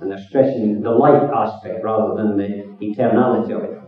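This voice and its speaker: Man with a lowish voice lecturing about word order at a bible study, echoey, lo-fi. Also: brisk. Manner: explanatory, lecturing on grammar. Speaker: participant in a Bible reading meeting. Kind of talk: devotional discussion. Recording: distant, echoey, phone-like sound.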